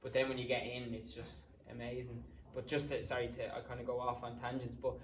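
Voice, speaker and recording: A young Irishman in his twenties, appearing as a podcast guest, tells stories in a casual, rambling style, swearing freely and wandering into asides. His medium-pitched voice is monotone and brisk, picked up by a distant mic in a roomy space with slight background noise.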